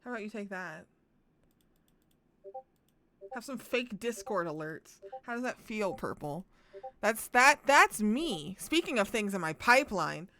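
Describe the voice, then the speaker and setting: A young woman streaming live and commenting on a game, excitable and dramatic, with frequent swearing. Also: mid-range voice, unhurried, long pauses.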